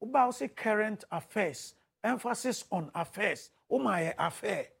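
Ghanaian judge, high gravelly voice, jumpy, lecturing hard. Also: male voice, animated, moderate pace, a bit bright. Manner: emphatic, lecturing. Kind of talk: critique.

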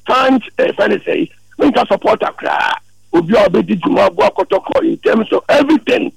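A man calling in to a sports radio show, talking at length in an animated, rambling way. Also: very high-pitched, fairly quick, creaky, husky, no echo, rough recording. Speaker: caller. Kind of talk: call-in sports radio chat.

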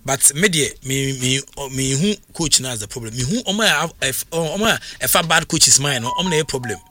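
A man's voice: mid-range voice, expressive, normal speed. A Ghanaian man hosting a sports radio talk show, chatting loosely with many fillers.

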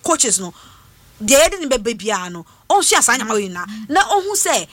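A woman talking as a guest on a radio talk show, animated, mixing English with her local language. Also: a little high, moderate pace, no echo. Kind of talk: casual radio discussion.

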